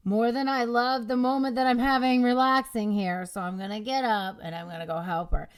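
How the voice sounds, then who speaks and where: A woman's voice: on the high side, fairly even intonation, a little fast, smooth, lightly acted. A woman voicing a reluctant husband who grudgingly gives up his rest to help.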